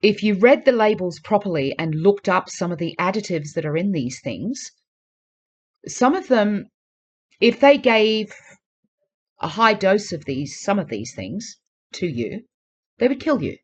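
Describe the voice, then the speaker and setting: In a casual vlog, a woman speaks directly to her viewers in an ordinary mid-range voice with a breathy edge. She sounds earnest and urging, repeating her pleas to drive the point home. Her pitch swings widely while her pace stays measured, broken by frequent pauses.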